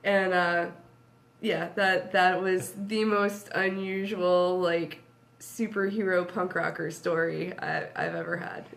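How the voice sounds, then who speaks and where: Animated woman telling a story. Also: fairly low pitch, takes it slowly, gravelly. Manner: lively storyteller, acts out quotes, laughs often. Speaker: interview guest. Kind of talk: casual anecdote telling.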